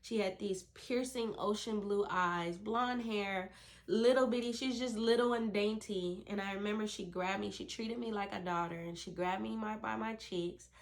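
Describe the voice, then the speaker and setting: A woman's voice: medium pitch, normal speed. A woman telling her own birth story to camera, earnest and emphatic, speaking directly to other women.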